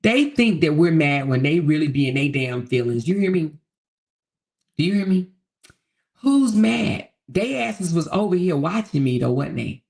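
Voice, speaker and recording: Sassy, gravelly woman from DC. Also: low voice, sing-song, normal speed, a little mellow. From Southeast Washington, DC. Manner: sassy, profane, talks straight to viewers. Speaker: livestream host. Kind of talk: unfiltered gossip commentary to a live chat.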